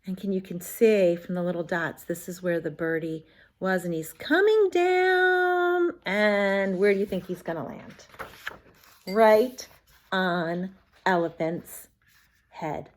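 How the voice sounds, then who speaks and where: A woman teacher reading a picture book aloud to young children, speaking in an animated, talking-to-kids manner. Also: lowish voice, takes it slowly.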